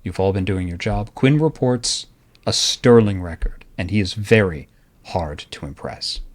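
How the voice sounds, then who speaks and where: A man's voice: low-pitched, lively intonation, a little slow. A man voicing a male vampire Archon in a tabletop game, talking bluntly and casually, with some swearing. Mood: approving. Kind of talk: tabletop role-play.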